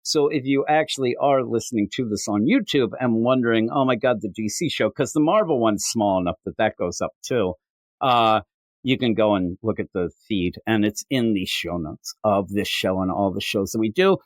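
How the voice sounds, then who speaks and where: A man co-hosting a comic book podcast in casual chat. He rambles and mocks himself, and his pitch jumps up whenever he quotes someone. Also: moderate pace, no room sound. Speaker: podcast co-host.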